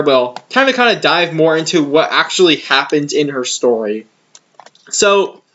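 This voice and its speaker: A young man giving casual, exasperated commentary on a comic series, sarcastic and quick to laugh. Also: a little high, bright, forceful tone. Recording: dull lo-fi recording.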